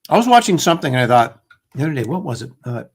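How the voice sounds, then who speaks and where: A man's voice: fairly high pitch, sing-song, racing, slightly rough. A man co-hosting a casual live chat show, joking and rambling with lots of fillers. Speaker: co-host.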